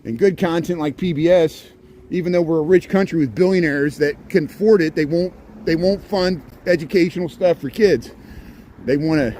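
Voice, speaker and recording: A man's voice: fairly high pitch, mellow. Male streamer on a walking tour, sarcastic rambler, phone mic outdoors. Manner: chatty, sarcastic stream-of-consciousness rants. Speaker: livestream host. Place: outdoors on city streets. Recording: faint street noise.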